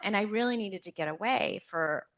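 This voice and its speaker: A woman, a podcast guest, telling a personal story in an animated, emotional way, often restarting her sentences. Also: medium pitch, a little fast, dull audio. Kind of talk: personal storytelling in a conversational interview.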